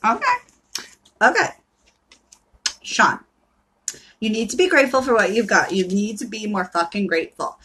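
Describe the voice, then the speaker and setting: A woman's voice: medium pitch, expressive, normal speed, long pauses, bright, forceful tone, slight background noise. A woman from Florida giving live tarot card readings in a brash, profane pep-talk manner.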